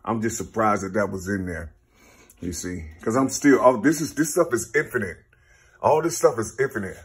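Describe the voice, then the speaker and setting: A man, rambling through a spiritual numerology monologue, counting numbers half-aloud and repeating "you see". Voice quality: very husky, slow, low-key. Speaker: self-taught numerology teacher.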